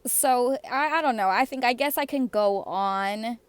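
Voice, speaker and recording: A woman's voice: on the high side, measured pace, clean tone, no room sound. A woman vlogger giving casual, sarcastic commentary on comments, blunt and given to laughing asides.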